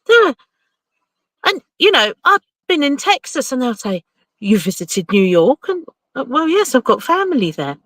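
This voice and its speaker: A woman co-hosts a radio show in a dry studio, earnestly arguing her side. Her voice is high and bright and moves through a wide range. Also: sing-song, moderate pace, dry recording, low-quality recording. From London. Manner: earnest, argumentative. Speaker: radio co-host. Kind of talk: casual on-air banter.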